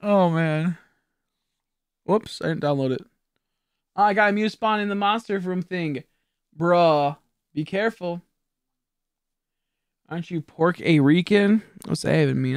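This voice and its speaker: A young man's slightly high voice comes through close and dry, as if right on the mic. He rambles through stories with plenty of swearing and keeps goofing around with his chat while he plays a game. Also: normal speed, clean tone, no room sound. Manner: rambling, profane storyteller. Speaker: game streamer. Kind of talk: casual live-stream chatter.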